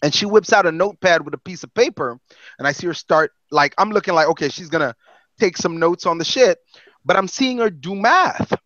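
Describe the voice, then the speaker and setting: A man on a podcast telling a story in casual, profane, animated talk. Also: sits high, a little fast, no room sound, muffled recording. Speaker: podcast co-host.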